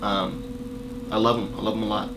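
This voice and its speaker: A man telling a personal story in a casual vlog, rambling with fillers and restarts and swinging between loud emphatic bursts and quiet asides. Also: on the low side, level tone, fairly quick, background noise.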